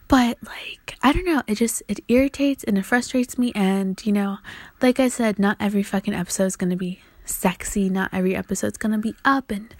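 A woman in her twenties hosting a solo podcast, rambling and swearing, often dropping to a whisper. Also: medium pitch. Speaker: podcast host. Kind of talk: casual solo podcast monologue.

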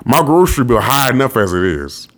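A man reading an audiobook and voicing a raspy, crude, scornful middle-aged bully, with lines that snap and sneer. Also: medium pitch, big pitch swings, brisk, pitched above the performer's own voice, close to an everyday voice. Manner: sneering, snapping, roaring. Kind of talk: audiobook character voice.

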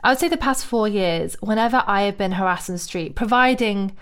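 A woman's voice: medium pitch, expressive, fairly quick, clean tone. A woman in casual chat, telling stories bluntly and animatedly, swearing freely.

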